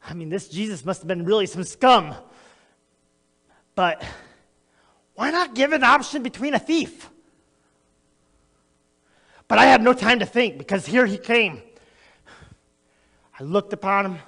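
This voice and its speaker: A man playing Barabbas, a manic gravelly criminal. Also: high voice, big pitch swings, measured pace, pauses often, bright, forceful tone, exaggerated voice. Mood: puzzled, hushed. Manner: boastful, erratic, talks straight to the audience. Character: notorious boastful male criminal, jittery and unhinged. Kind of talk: theatrical dramatic monologue. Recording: long echoey hall reverb.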